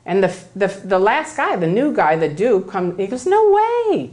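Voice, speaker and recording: A woman giving a lively storytelling talk to an audience in a room, acting out other people's voices as she goes. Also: mid-range voice, normal speed. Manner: animated, acts out other people's voices in quotes. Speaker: lecturer.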